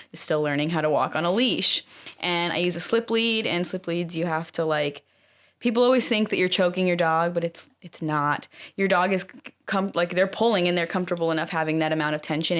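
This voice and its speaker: A young woman with a fairly low voice co-hosts a laid-back podcast conversation. She rambles through her stories and leans on "like" again and again. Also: a bit bright, clear, resonant tone. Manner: chatty, many "like" fillers. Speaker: co-host. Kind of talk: casual podcast chat.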